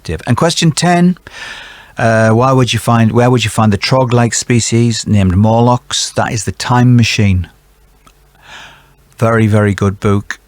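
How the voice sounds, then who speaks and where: Reading quiz answers in a fairly low, darkish voice, this middle-aged host keeps wandering off into chatty jokes and mutters to himself. There's no room sound at all.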